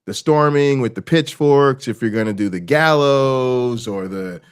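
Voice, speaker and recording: Animated, profane man reacting on a livestream. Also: mid-range voice, unhurried, clear, resonant tone. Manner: animated, profane, swings from murmur to excited laughter. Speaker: streamer host.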